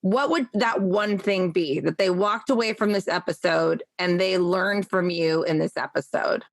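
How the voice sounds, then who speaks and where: A woman's voice: fairly low pitch, measured pace, no echo. A woman hosting a podcast interview, talking casually and enthusiastically and swearing freely. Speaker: podcast host.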